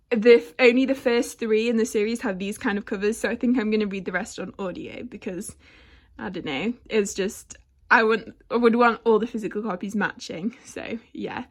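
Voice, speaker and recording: A young woman from England talks through her bookshelves in a loose, chatty way. She rambles, fills gaps with ums and breaks into small giggles, with her voice sitting at an ordinary middle pitch. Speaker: book vlogger. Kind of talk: casual bookshelf tour. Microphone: handheld camera.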